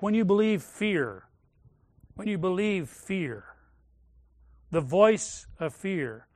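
Male preacher, high voice, slow deliberate sermon delivery, emphatic with hushed drops, dry close sound. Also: no echo. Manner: measured, emphatic, dropping to near-whispers on key words.

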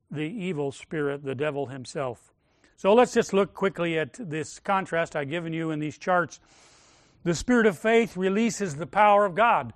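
Male preacher, high voice, slow deliberate sermon delivery, emphatic with hushed drops, dry close sound. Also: no echo. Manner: measured, emphatic, dropping to near-whispers on key words.

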